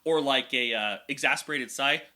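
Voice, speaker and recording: A man talking casually as a vocal coach reacting to a song, chatty and excitable with lots of fillers. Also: fairly high pitch, fast talker. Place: indoor room at home.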